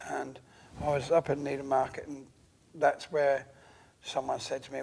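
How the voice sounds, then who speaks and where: A man telling his story as an interview guest, hesitant and full of pauses. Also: mid-range voice, level tone, creaky, darkish tone, breathy edge. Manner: hesitant, many pauses and fillers. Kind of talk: halting conversational storytelling.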